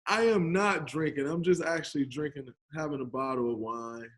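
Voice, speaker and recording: Relaxed guy on a video call podcast, higher voice, jokey stories. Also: moderate pace. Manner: laid-back, joking storyteller. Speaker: podcast guest, pro basketball player. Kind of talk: casual remote interview chat.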